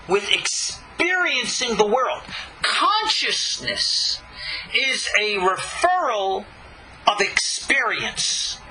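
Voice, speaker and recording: A male teacher giving a recorded lecture, his high, very bright voice leaping up and down in pitch as he presses each point emphatically. Faint noise hums under the recording. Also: poor audio. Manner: emphatic, animated teaching with dramatic pitch swings. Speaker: Kabbalah teacher.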